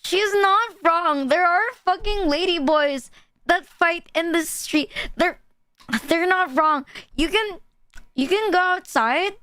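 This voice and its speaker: A woman's voice: extremely high pitch, slow pace, sharp tone, no room sound. A woman from the Philippines, chatting casually and profanely as a streamer reacting to videos. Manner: loose, profane, laughing asides. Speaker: VTuber streamer.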